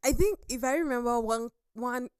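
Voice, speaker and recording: A woman's voice: on the high side, normal speed, clear, resonant tone, dry recording. A young adult woman on a talk show panel, telling personal stories in a reflective way. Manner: storytelling, reflective. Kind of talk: casual studio chat.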